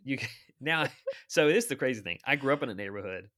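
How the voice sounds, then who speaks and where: A man in his fifties, an author guest, telling anecdotes in a chatty, animated way. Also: mid-range voice, quick pace. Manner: animated storyteller, chatty asides. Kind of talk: anecdotal storytelling.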